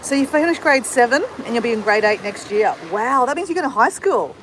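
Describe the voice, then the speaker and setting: Her voice is a little high, a bit bright, and expressive, and she speaks a little fast. This Australian host greets her livestream viewers and responds to their comments while outdoors in the sun. The audio is poor, with a little hiss or hum.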